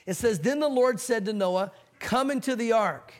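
A man's voice: very high-pitched, normal speed. A male pastor preaching a sermon, telling a story with acted-out quotes and teaching from a Bible verse.

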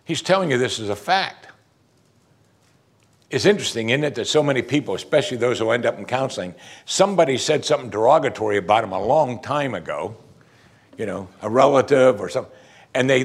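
A middle-aged male pastor delivering a sermon in a husky, slightly breathy voice at an ordinary middle pitch. He drives his points home with emphasis, pausing for musing hums and putting rhetorical questions to his listeners. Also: expressive.

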